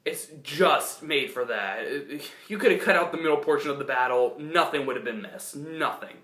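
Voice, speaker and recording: A young man talks through a casual film review, stopping and restarting his sentences often. His voice sits a little high and sounds bright and forward. The room around him is echoey. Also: lively intonation, normal speed. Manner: rambling, full of restarts and fillers.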